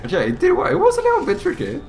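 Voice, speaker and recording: A man chatting casually on a live stream while working on and playing a game, breaking into profane, excitable outbursts between calmer stretches. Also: very high-pitched, racing, vocal fry, slight background noise.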